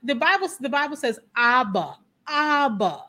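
Woman, high pitched, animated and emphatic, casual interview guest. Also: unhurried. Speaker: guest, founder and coach. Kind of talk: casual chat with personal stories.

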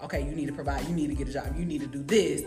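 A woman co-hosting a casual podcast chat, chiming in with quick agreement. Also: extremely low pitch, fairly even intonation, roomy sound, over music. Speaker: podcast co-host.

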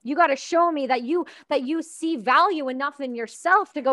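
A woman's voice: sits high, normal speed, few pauses, fairly bright tone, no echo. A woman from Canada hosting a casual podcast conversation, speaking bluntly and emphatically and swearing freely.

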